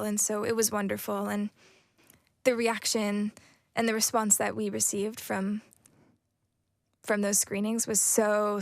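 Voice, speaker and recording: Soft-spoken American woman, flat delivery. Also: medium pitch, gravelly, no room sound, studio quality. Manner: soft-spoken, thoughtful, with many fillers and restarts. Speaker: actress, interview guest. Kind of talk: casual interview chat.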